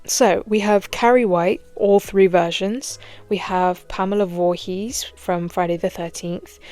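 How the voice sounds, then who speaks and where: A woman's voice: mid-range voice, steady tone, unhurried, warm tone, no echo, faint music behind. A young British woman giving scripted, playful commentary with jokey, self-mocking asides. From Britain. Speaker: horror commentary YouTuber.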